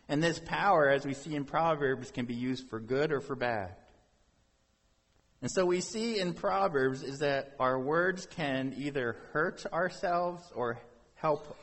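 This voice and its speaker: Slow, husky-voiced male pastor preaching. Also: fairly high pitch, a bit bright, big-room sound. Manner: conversational preaching with rhetorical questions. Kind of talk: sermon.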